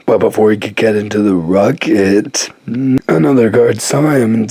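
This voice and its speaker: A man putting on a deep old-man voice to tell an improvised, rambling comic story full of jokes and asides. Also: a little slow, a little mellow, husky, no room sound.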